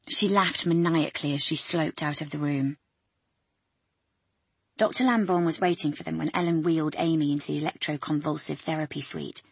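A woman reading an audiobook in a measured, even storytelling manner. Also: low voice, creaky, slightly rough, no room sound. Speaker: narrator. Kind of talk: audiobook narration.

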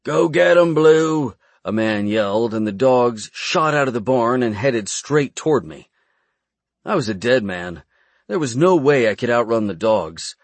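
A man reading a first-person fantasy adventure audiobook in a brisk storytelling manner. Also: fairly low pitch, animated, no echo. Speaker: audiobook narrator.

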